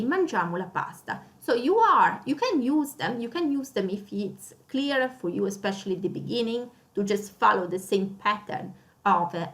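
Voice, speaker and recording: A woman's voice: medium pitch, fairly bright tone. Woman, Italian accent, native Italian, beginner grammar lesson, emphatic repeated examples, fillers. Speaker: Italian language teacher.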